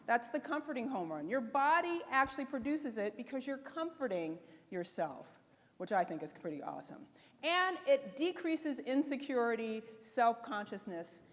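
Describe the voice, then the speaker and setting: Female keynote speaker, high-ish voice, lively and chatty with the audience; live hall recording with a long echo. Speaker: conference speaker. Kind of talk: motivational conference talk. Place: conference stage before an audience. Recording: live talk in a reverberant hall.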